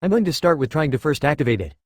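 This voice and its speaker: A brash young sword fighter who curses freely, read by a man. He rushes through his lines at a brisk clip. The sound is dry and close. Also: a little high, sing-song, a little mellow, no room sound. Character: young male swordsman hero, blunt and profane.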